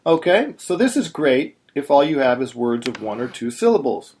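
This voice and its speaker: A man's voice: medium pitch, very animated, normal speed, darkish tone. A man teaching Torah chanting in a plain, patient voice, stopping to sing short chanted examples. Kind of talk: instructional video narration.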